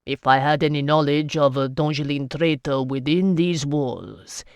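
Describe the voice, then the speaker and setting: The audiobook narrator voicing a weary, reasonable male merchant noble who speaks in a measured, level way. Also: mid-range voice, clean tone, dry recording, lightly acted. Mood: grim.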